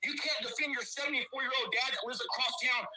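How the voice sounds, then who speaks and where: High-pitched ranting man, cursing. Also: fast talker, crowd noise, low-quality recording. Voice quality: aggressive, shouting insults. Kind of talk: heated profane rant.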